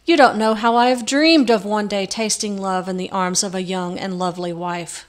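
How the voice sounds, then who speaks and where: A woman's voice: mid-range voice, steady tone, moderate pace, lightly acted. A woman voicing a desperate young male knight who pleads in an overwrought way. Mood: pleading.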